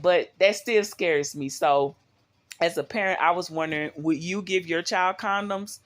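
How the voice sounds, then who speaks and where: A woman's voice: lowish voice, unhurried. Middle-aged woman rambling into her phone at home, chatty, keeps asking viewers stuff. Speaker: vlogger. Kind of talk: casual talk to viewers.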